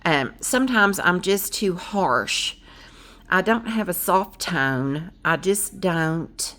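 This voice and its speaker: A middle-aged woman, chatting casually to her vlog viewers in a loud, brash way, rambling with many fillers and frequent laughs. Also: lowish voice, expressive, slow pace. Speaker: vlogger.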